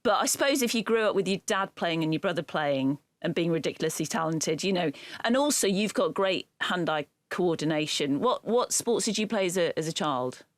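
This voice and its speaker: A woman hosting a podcast, asking questions and reacting with quick, encouraging remarks. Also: fairly low pitch, lively intonation, dry recording. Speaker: podcast host. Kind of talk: casual interview.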